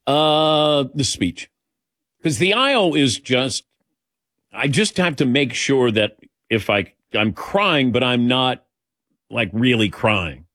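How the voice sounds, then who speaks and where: A middle-aged male radio host chats with callers in a casual, rambling, self-deprecating way. His pitch rises and falls a great deal as he talks. The studio sound is close and dry. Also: animated, slow, fairly bright tone, dry recording. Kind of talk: casual talk radio chat.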